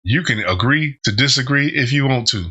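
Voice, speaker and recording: Bright-voiced man laughing through reactions. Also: mid-range voice, expressive, moderate pace, breathy edge, lo-fi sound. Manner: laughs often, rambling tangents. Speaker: reaction channel host. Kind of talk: casual reaction commentary.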